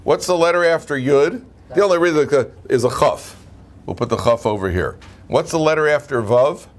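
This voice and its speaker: A man, a rabbi, teaching an informal Torah class in a lively way, often asking his students questions. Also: on the high side, moderate pace. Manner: lively, asks the class questions, frequent "right?".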